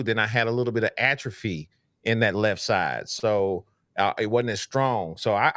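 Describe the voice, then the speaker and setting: A man's voice: on the low side, fairly bright tone, no echo. A man co-hosting a sports podcast, chatting casually with playful slang and an easy drawl. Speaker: podcast co-host.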